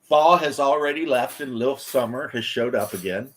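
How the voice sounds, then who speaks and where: A man in the middle of an easygoing podcast conversation. He spins his anecdotes with energy and drops into put-on voices to act out each character, at an average pitch. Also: moderate pace. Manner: animated storyteller acting out quoted voices. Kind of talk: casual chat.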